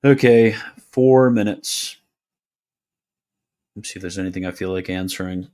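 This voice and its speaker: Low-voiced deadpan man answering chat. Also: clear, resonant tone. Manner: offhand, deadpan, quick jokey replies. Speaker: livestream host answering chat questions. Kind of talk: casual livestream Q&A.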